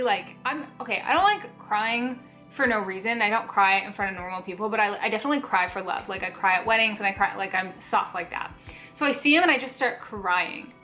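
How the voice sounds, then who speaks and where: Young female vlogger, casual storytelling, slightly high and bright, faint music underneath. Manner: chatty, animated, many "like" fillers.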